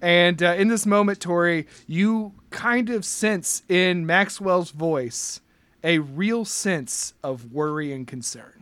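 A game master running a tabletop game in casual chat, halting with many fillers and laughing often. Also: medium pitch, a bit bright, dry recording.

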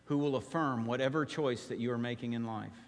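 A male pastor preaching a sermon, emphatic, dropping to quiet slow phrases and rising to urgent appeals. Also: medium pitch, in a large hall.

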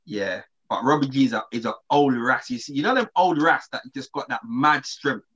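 A man, co-hosting a casual chat and telling a story in relaxed slang with many restarts. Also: medium pitch, moderate pace, slightly rough. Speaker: podcast co-host. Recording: slightly dull lo-fi sound.

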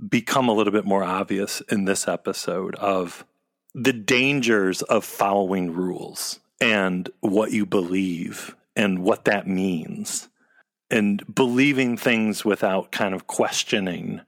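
A man's voice: fairly low pitch, dry recording, studio quality. A man co-hosting a podcast, musing over a series in a reflective, hedging way full of fillers. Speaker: podcast co-host. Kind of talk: casual fan discussion.

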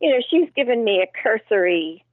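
A woman in casual conversation, telling gentle anecdotes in a deadpan way. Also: fairly high pitch, a little fast, no echo. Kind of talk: casual chat. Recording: tinny phone line.

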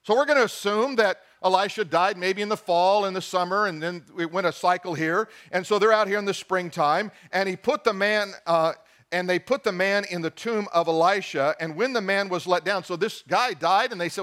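Man, high voice, pastor, sermon, emphatic, reads scripture, asks questions. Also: fairly quick, fairly bright tone.

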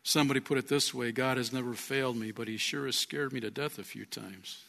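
A man's voice: medium pitch, steady tone, a little fast, gravelly, a bit bright. A man preaching a sermon as pastor, earnest, rising and falling in volume. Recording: long reverb of a large hall.

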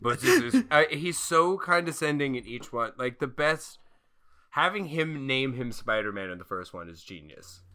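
Podcast co-host, young man, very bright and clear voice, loose and jokey. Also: medium pitch, very animated, moderate pace. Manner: laughing, swearing, mimicking movie lines. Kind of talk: casual chat.

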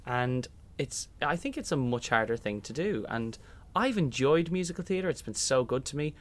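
A man's voice: medium pitch, lively intonation, normal speed. A young Irish man, a musical theatre actor, chatting in an interview and acting out little voices in his stories. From Ireland. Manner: chatty storyteller, acts out voices in anecdotes. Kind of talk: casual interview chat.

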